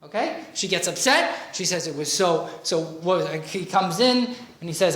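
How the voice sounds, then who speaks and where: A woman leading a relationship workshop as a coach, talking in a lively way and often checking in with her listeners. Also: lowish voice, normal speed, few pauses. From Canada. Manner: animated, frequent "okay?" and "right?" checks, acts out quoted voices. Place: workshop room. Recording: echoey room, faint noise.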